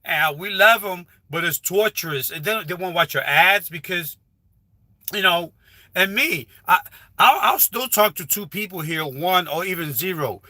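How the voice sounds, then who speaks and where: Man, high and bright-toned, rambling casual livestream advice, dry close phone sound. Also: animated, a little slow, no echo. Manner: rambling, repetitive, with frequent restarts. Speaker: livestreaming YouTuber. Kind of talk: casual live stream advice talk. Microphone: phone held while livestreaming.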